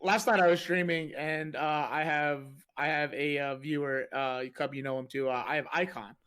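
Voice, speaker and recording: A man hosts a casual podcast chat and talks in long, rambling stretches. His voice sits a little higher than most men's, and he leans on fillers as he tells stories. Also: fairly even intonation, normal speed, fairly bright tone, smooth. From United States. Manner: rambling, lots of "like" and "you know". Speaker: podcast host and streamer.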